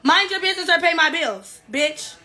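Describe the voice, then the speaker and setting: A woman's voice: very high-pitched, lively intonation, normal speed, sharp tone. A woman, talking bluntly and profanely on a casual live stream from her phone. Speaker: livestreamer.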